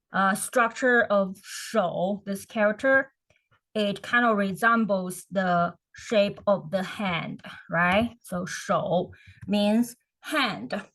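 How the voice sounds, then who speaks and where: A woman's voice: medium pitch, a bit bright, rough recording. A woman teaching a beginner class, explaining patiently and repeating each word for practice. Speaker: Chinese language teacher. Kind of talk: beginner language lesson.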